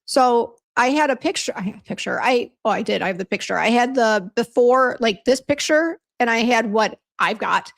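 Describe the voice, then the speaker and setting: Here a beauty brand owner chats on her livestream, reading comments aloud, welcoming viewers by name and complaining about a botched hair appointment. Her voice runs high and animated with a creaky texture, moving at a moderate pace with few pauses, and her talk is full of fillers and restarts.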